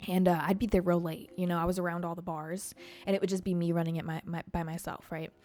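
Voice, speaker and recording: A young adult woman hosting a podcast, telling a story in a casual, profane and animated way, acting out the voices of people in it. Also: on the low side, quick pace, faint music behind. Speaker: podcast host.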